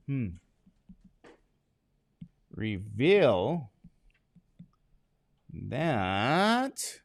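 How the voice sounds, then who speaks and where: A man's voice: medium pitch, very animated, slow, pauses often. A man teaching a class, who jokes and keeps asking his students questions, drowsy from medication. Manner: joking, asks the class many questions. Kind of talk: classroom lecture.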